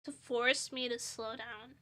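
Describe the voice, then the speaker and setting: A young woman streams casual chat in a high, bright, clear voice that sounds nasal and sniffly from a stuffy nose. Her intonation is fairly even and her pace measured. She rambles, pokes fun at herself, and laughs often.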